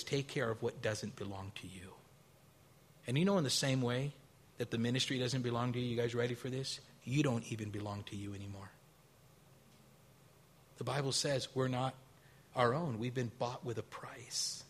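A male pastor preaching a sermon, telling stories with acted-out quotes, rising to loud, high bursts and dropping to quiet, low stretches. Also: a little hiss or hum. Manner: storytelling with acted quotes and a casual, folksy delivery.

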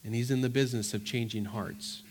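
A man preaching an earnest Bible-teaching sermon, emphatic and repeating words for stress, then dropping to soft, pleading tones. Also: mid-range voice, steady tone, fairly quick. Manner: swings from loud urgency to soft, quiet pleading.

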